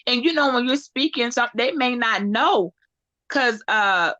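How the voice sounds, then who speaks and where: Woman panelist, rambling casual chat, bright forceful tone, slightly high voice. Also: moderate pace, no room sound, muffled recording. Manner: rambling, animated, trails off mid-sentence. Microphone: home podcast setup.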